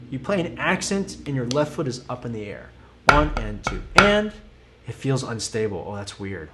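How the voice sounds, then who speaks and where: A man teaches a drum lesson, counting the beats aloud and cheering the student on. His voice sits in a middle range. Loud noise runs under the whole recording, with drumming behind him. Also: mid-range voice. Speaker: drum instructor.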